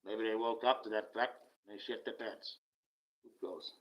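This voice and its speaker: A man's voice: lowish voice, level tone, normal speed, low-quality recording. Profane, sarcastic man ranting on a livestream. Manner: profane, sarcastic, swings between loud and muttered. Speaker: livestream host.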